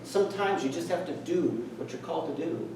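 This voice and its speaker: A man's voice: a little high, brisk, gravelly, noisy background. Earnest man telling a story in an echoey hall. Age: middle-aged. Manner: earnest, reflective storytelling with quoted dialogue. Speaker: speaker. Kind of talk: storytelling speech. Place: meeting hall. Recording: echoey room, distant mic.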